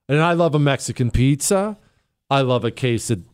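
A man's voice: mid-range voice, expressive, normal speed, clean tone. A man hosting a talk show, delivering an opinionated, emphatic monologue that rambles with plenty of fillers.

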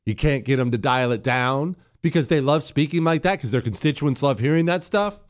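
A man's voice: mid-range voice, lively intonation, a little fast. A man hosting a political commentary show, talking in a combative, sarcastic and mocking way as he reacts to clips.

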